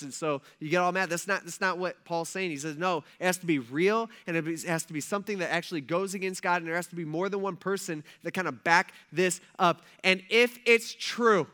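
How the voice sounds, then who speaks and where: Bright-voiced chatty pastor man. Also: high-pitched, brisk, few pauses. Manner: chatty and joking, slangy asides. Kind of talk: casual conversational sermon. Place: church.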